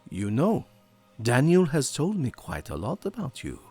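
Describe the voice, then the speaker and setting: A man's voice: medium pitch, wildly swooping pitch, measured pace, darkish tone, soft background music, pitched above the performer's own voice. A man voicing Aunt Marietta, a commanding woman aged 106. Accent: slightly foreign. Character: commanding 106-year-old woman, strong, kindly but firm.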